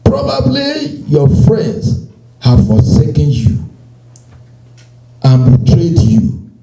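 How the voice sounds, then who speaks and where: A man preaching a sermon, slow and emphatic, repeating phrases and quoting scripture. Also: on the high side, huge pitch swings, vocal fry, mellow, echoey room, soft background music, rough recording. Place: church.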